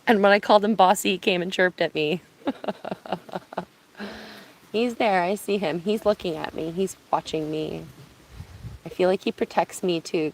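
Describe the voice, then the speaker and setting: A woman from Ontario chatting casually on an outdoor live stream, speaking softly, answering viewers and laughing easily, filming on her phone. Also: on the low side, vocal fry, a little hiss or hum, poor audio. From Ontario, Canada. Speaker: live-streaming bird watcher. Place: outdoors at a cottage. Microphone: phone on binoculars, held by hand.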